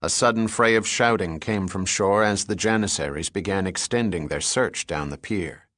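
A man with a low voice reads an audiobook in steady, measured narration. The sound is dry and close, with no room around it. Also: dry recording. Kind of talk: scripted narration.

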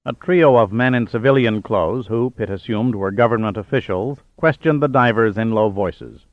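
A man's voice: fairly low pitch, moderate pace, dry recording, lo-fi sound. Man narrating an audiobook, dry sound. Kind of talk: scripted narration.

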